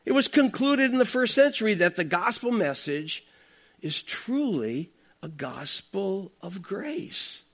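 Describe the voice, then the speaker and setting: A man preaching an expository sermon, talking emphatically and conversationally, with frequent asides to the congregation. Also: high-pitched. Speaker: pastor.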